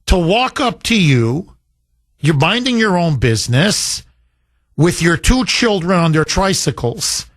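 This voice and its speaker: This man's voice sits high and fairly bright, captured cleanly in a studio with no room sound. As a talk radio host taking listener calls, he delivers an opinionated monologue with emphasis and sarcasm, imitating opponents in a mocking sing-song.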